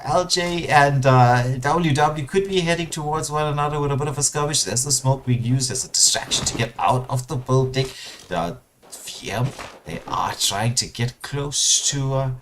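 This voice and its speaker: A man casts an online shooter tournament live, talking through the fights with plenty of fillers and sudden jumps in excitement at big plays. His voice sits in a middle register. Steady noise runs clearly under the whole recording. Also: mid-range voice. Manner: excitable play-by-play with frequent fillers and bursts of excitement. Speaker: esports caster. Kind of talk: live game commentary.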